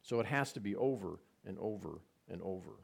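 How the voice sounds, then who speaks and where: A man's voice: low voice, animated, brisk, creaky, slightly rough. A man preaching a conversational sermon, retelling scenes with repetition and side remarks. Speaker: pastor.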